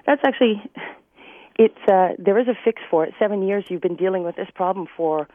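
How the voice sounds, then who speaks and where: A woman dog trainer giving advice on a radio call-in show, talking energetically and slipping into quick acted voices. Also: mid-range voice. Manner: energetic, acts out owners and dogs in quick voices. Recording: dry phone-line sound.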